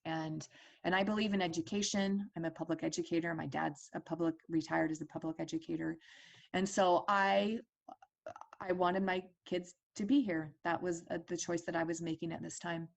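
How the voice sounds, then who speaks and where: A woman's voice: fairly low pitch, fairly even intonation, normal speed, gravelly. A woman in her forties telling a personal story as a parent advocate, earnest and conversational with fillers and restarts.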